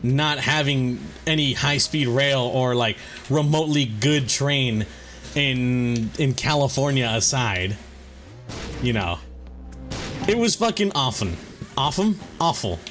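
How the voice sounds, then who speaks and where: A man's voice: medium pitch, slow pace, fairly bright tone, faint music behind. A young man ranting casually to his viewers as a vlogger, exasperated and emphatic, swearing often and using slang.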